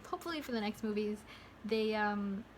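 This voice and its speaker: A woman's voice: mid-range voice, fairly quick, slight background noise. A young woman talking casually to camera in a movie review vlog, rambling and interrupting herself with lots of fillers. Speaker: vlogger.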